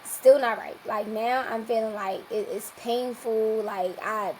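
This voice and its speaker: A young woman, a podcast guest, telling a long personal story in a lively, casual way and acting out what people said. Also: fairly high pitch, unhurried, a little hiss or hum, low-quality recording. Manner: lively, acts out quoted dialogue.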